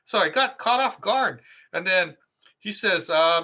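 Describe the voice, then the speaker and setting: A man's voice: high-pitched, animated, measured pace, sharp tone. A man, a contractor, giving casual marketing advice through stories, chatty with many fillers and repeats. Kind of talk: casual anecdotal talk.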